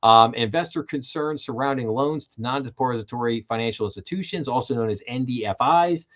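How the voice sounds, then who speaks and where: A man's voice: mid-range voice, fairly quick, fairly bright tone, muffled recording. Casual man reading finance news. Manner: casual, reads headlines then riffs with fillers. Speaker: show host. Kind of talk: livestream financial news commentary.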